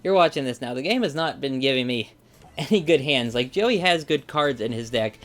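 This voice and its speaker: A man's voice: mid-range voice, expressive, moderate pace, fairly bright tone, soft background music. A man giving casual, rambling commentary while playing a card game, full of fillers and asides. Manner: rambling, chatty, many fillers. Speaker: let's play gamer.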